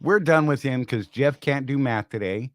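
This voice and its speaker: A man's voice: medium pitch, normal speed, no room sound, studio quality. A man in his fifties hosting a casual live-stream chat, joking and rambling as he mocks himself. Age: 50s. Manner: joking, rambling, self-mocking. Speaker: podcast host.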